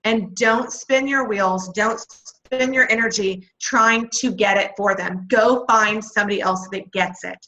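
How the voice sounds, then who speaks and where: A woman from Texas, leading a motivational team training call in a folksy, energetic way. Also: mid-range voice, measured pace, hardly any pauses, low-quality recording. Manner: energetic, folksy, laughs often. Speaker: network marketing leader. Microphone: video call.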